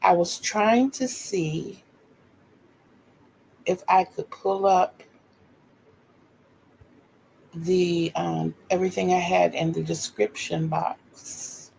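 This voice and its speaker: A woman's voice: on the low side, steady tone, takes it slowly, vocal fry, darkish tone, slight background noise, rough recording. An older woman in her sixties from North Carolina with a Southern accent, chatting casually and homey on her livestream as host.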